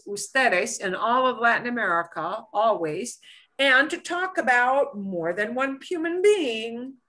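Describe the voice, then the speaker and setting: Woman teacher doing a beginner spanish class, bright voice, keeps asking okay?. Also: on the high side. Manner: checks in with "okay?" often, slows to stress words. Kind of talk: beginner language lesson.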